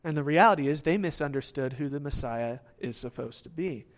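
A man with a slightly higher-than-usual voice preaches a sermon in a relaxed, conversational way. He restarts phrases as he goes and keeps checking in with the listeners. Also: fairly quick. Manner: conversational, with frequent restarts and "right?" asides; acts out the quoted lines of the disciples in lively voices.

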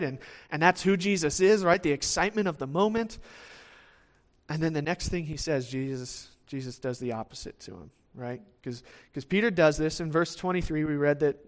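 A man preaching a sermon in a conversational way, often restarting phrases and checking in with the listeners with "right?". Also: a little high. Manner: acts out the quoted lines of the disciples in lively voices.

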